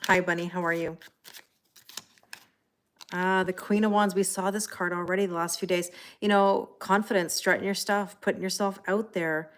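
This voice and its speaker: Middle-aged woman, tarot livestream host; relaxed, chatty, slightly low voice, greets viewers by name between cards. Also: moderate pace. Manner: chatty, greets viewers by name, many fillers and light laughs. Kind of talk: live-stream casual chat.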